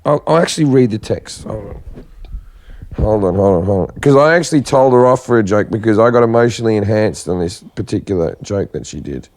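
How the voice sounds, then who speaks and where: A man's voice: fairly low pitch, lively intonation, brisk, darkish tone. Crude rambling man on a podcast. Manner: crude, rambling storytelling with many restarts. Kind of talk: casual chat.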